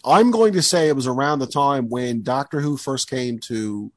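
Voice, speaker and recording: A man's voice: medium pitch, normal speed, no room sound. A man hosting a podcast in casual chat, enthusiastic and rambling with lots of fillers. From Canada. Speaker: podcast host.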